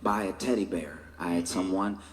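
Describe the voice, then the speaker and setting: A male stand-up comedian with a low-sitting voice tells a story conversationally at normal speed, briefly acting out other people's voices. The stage audio is reverberant with faint noise.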